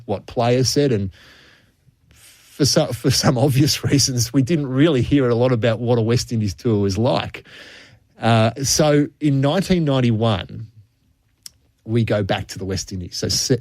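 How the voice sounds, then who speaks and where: A man's voice: mid-range voice, a little mellow, dry recording. An Australian man on cricket radio, chatting casually and telling stories from the game's history, chuckling as he goes. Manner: storytelling, chuckles often, with frequent restarts.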